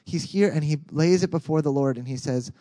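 Mellow-voiced pastor preaching. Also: male voice, a little high, fairly quick. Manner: conversational, animated, with frequent restarts. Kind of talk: sermon.

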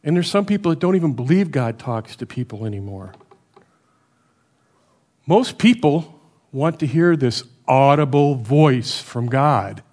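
A middle-aged man delivers a sermon in a loose, conversational manner. He keeps checking in with his listeners and swings between loud emphatic stretches and quiet, low asides. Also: animated, measured pace. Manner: varies loudness a lot, rising for emphasis and dropping low. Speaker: preacher.

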